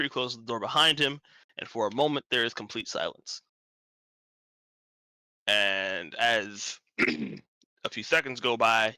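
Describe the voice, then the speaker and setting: A man's voice: medium pitch, bright, forceful tone, dry recording, poor audio. A man narrating as game master in a tabletop game stream, casual and rambling. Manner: rambling, casual, self-correcting.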